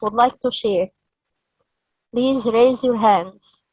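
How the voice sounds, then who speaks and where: A woman from Egypt leads a training session for teachers, speaking slowly with a somewhat high voice. She spells out each point and models words and rising or falling intonation for her listeners. The sound is close and dry. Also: a little mellow, no echo, rough recording. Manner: slow, explanatory, models sounds and tones.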